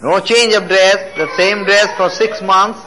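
A man's voice: high voice, steady tone, unhurried, bright, forceful tone, poor audio. A man from Nepal with a Nepali accent, preaching his testimony in fervent, broken English. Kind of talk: sermon testimony. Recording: faint hiss from an old tape.

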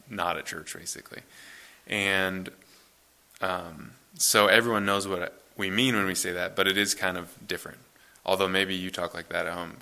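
A man in his thirties, a pastor, reading scripture and then preaching in a relaxed, conversational way in a church. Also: low-pitched. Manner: conversational, relaxed, self-correcting.

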